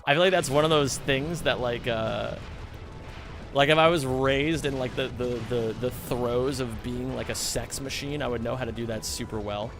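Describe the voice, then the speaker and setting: A man's voice: medium pitch, moderate pace. A young American man streaming, chatting casually and rambling with lots of fillers and swearing. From United States. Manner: rambling, swears freely, heavy use of filler "like". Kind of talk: casual chat during a game livestream. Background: background music.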